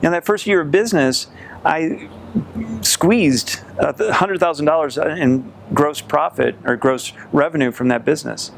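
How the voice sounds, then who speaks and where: Man in his forties, gravelly voice, sales coach, earnest storyteller, faint noise behind. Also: on the high side. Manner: earnest, reflective storytelling with pauses. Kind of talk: storytelling to camera.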